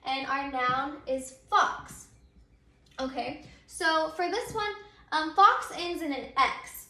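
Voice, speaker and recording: This woman teacher's voice is high, bright and forceful, and she takes a slow pace through a recorded grammar lesson, laying it out step by step. Echo from the room accompanies her frequent ums and repetitions.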